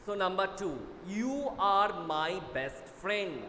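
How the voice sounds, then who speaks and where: A man with an Indian English accent teaching an online class, brisk and urging students to hurry, often repeating himself. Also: sits high, animated, bright, forceful tone. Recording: echoey room with faint noise.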